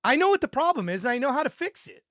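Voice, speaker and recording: Older guy hosting a music stream, bright voice that jumps all over, rambly and self-deprecating, dry kinda dull mic sound. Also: very high voice, very animated, very fast, no room sound. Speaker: livestream host reviewing music submissions. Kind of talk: rambling live-stream chat. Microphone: desk microphone.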